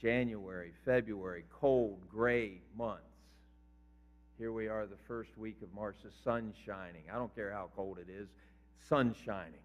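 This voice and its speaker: A man's voice: on the low side, a little slow. An older man, a pastor, preaching a sermon in a conversational way and quizzing his congregation. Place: church sanctuary. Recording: reverberant hall, dull lo-fi sound.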